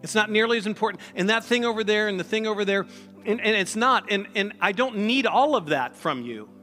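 A man's voice: high voice, expressive, a little fast, bright, forceful tone, in a large hall, faint music behind. A male pastor preaching a sermon in a conversational way, with sarcastic asides.

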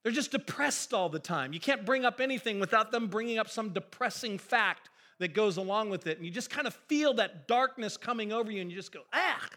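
Bright-voiced animated male preacher. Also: high voice, brisk, hardly any pauses. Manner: animated, emphatic, conversational preaching. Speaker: pastor. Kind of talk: sermon.

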